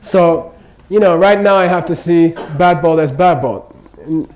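An older man leads an informal Buddhist teaching, his voice sitting a little high for a man. He talks loosely and with humor, drifting into asides and repeatedly checking in with the room. The delivery is conversational rather than preached. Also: unhurried, darkish tone, low-quality recording. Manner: chatty, joking, checks in with "okay?" constantly.

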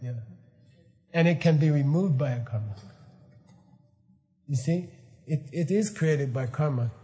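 Male spiritual teacher, slightly high voice, lively informal lecture, laughs through his points. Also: measured pace. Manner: animated, laughing, mock-incredulous asides.

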